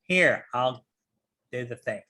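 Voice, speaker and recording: Male game master, rambling, bright and animated, unhurried. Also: mid-range voice. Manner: loose, rambling, many fillers. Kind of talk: narrating a tabletop game.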